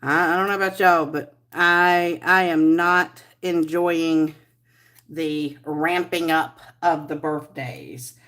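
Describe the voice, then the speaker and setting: A woman's voice: low voice, fairly even intonation, slow pace, a bit bright. A middle-aged woman hosting a casual live stream, chatty and rambling as she greets viewers by name. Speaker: livestream host.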